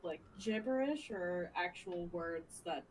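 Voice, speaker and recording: A woman's voice: on the low side, lively intonation, slow, a little hiss or hum, rough recording. A woman playing a tabletop game, casual and wry. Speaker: player.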